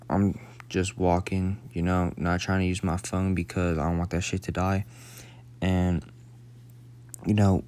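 A man's voice: low voice, gravelly, darkish tone. A young man in his late teens telling a rambling, profane story in a casual, slangy way, sometimes dropping to a whisper.

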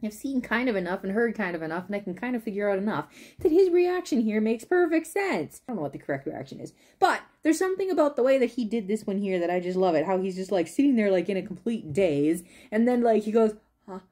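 Woman vlogger, lively swooping voice, warm and mellow, rambling, laughs often. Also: mid-range voice, fast talker. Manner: rambling, animated, loses her train of thought; laughs often while talking. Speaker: drama reviewer. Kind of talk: casual video commentary.

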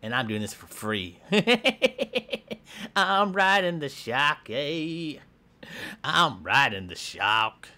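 A man voicing a goofy, excitable schoolboy hero in a comedic game voiceover, jumping between squeals and mutters. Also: on the high side, very slow, heavily acted. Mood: playful. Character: hyper boastful schoolboy hero with a pet shark. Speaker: gameplay voice actor.

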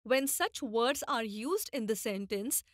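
A woman from India gives a scripted classroom lesson. She explains clearly and deliberately in a high voice that rises and falls with lots of movement. The recording is dry and close, with no room sound. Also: animated, dry recording. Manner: clear, deliberate teacherly explaining, addressing children. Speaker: teacher.

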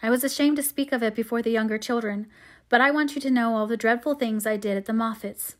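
A woman's voice: fairly high pitch, fast, close to an everyday voice. A woman reading aloud as a remorseful teenage girl confessing to her mother. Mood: earnest. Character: young woman, sixteen-ish, sweet and remorseful.

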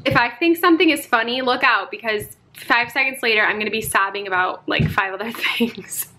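A woman's voice: fairly high pitch, fairly quick, pushed and bright. A young adult woman chatting casually to camera as a mom vlogger, often laughing and talking to viewers as "you guys".

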